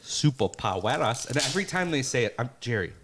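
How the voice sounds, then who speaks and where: A man co-hosting a podcast in casual chat, joking and breaking into animated rants. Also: medium pitch, fast, noisy background. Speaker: podcast co-host.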